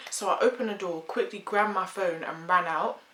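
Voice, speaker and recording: A young woman in her twenties chatting through a storytime vlog with animated storytelling. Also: lowish voice, normal speed. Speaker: vlogger. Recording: echoey room, faint hum.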